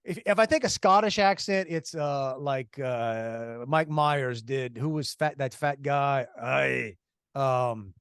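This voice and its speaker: A middle-aged man co-hosts a podcast, telling meandering stories in relaxed conversation, restarting sentences and laughing along the way. His mid-range voice is slow, smooth and slightly bright, captured in studio quality with no echo.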